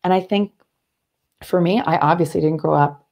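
A Canadian woman in her thirties, a guest telling stories in an earnest, animated way, often restarting her sentences. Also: on the low side, moderate pace, gravelly, highs cut off. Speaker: interview guest, athlete and speaker. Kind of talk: conversational interview.

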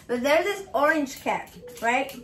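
High-voiced, foul-mouthed woman. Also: measured pace. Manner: crude, profane, animated storytelling. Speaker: home cook filming a recipe video. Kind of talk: casual cooking vlog chat. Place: home kitchen.

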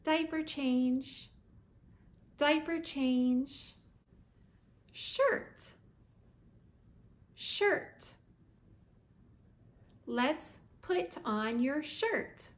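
A woman teaching first words to toddlers, repeating single words slowly and clearly. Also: high-pitched. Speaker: preschool teacher.

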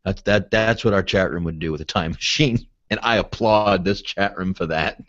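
A man hosts a podcast in loose, joking talk, cursing often and dropping into goofy impressions. His voice sits low. The sound is dry and dull, with no room around it. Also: moderate pace, a bit bright, no room sound. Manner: joking, profane, does silly voices. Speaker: podcast host. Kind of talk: casual chat.

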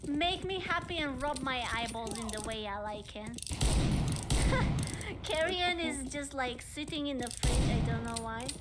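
A young woman live-streaming, chatting casually with viewers in a cheeky, playful, excitable way. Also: high voice, moderate pace, hardly any pauses. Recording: loud background noise.

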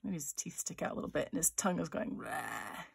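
Lady doing a kids drawing tutorial, kinda gravelly voice, chatty, thinks out loud while she sketches. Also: on the low side, rapid-fire. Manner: voices little sound effects for her drawings. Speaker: author-illustrator leading a drawing workshop. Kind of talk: live drawing tutorial for children.

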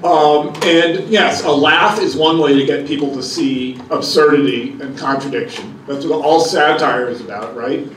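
A man's voice: on the high side, moderate pace, few pauses, fairly bright tone. A man speaking as a cartoonist on a live convention panel, wry and conversational, often rephrasing himself. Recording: echoey hall, mic far off, faint noise.

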